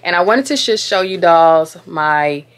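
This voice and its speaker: A woman's voice: lowish voice, expressive, measured pace, clean tone. A young woman vlogging at home, chatting casually about beauty and perfume and calling her viewers dolls. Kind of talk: casual beauty vlog chat. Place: room at home, closet. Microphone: camera mic.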